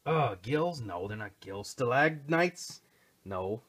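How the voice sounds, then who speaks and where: A middle-aged man giving a casual, excitable hands-on toy review, rambling and chatting to his viewers. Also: mid-range voice, takes it slowly, breathy edge. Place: home recording station.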